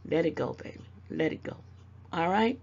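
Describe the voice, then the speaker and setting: A woman's voice: on the low side, normal speed, a little mellow, slightly rough, dull audio. An older woman with a Southern US accent, speaking to camera and giving motherly, scolding advice, calling people baby. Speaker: YouTube commentator. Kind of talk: casual direct-to-camera advice.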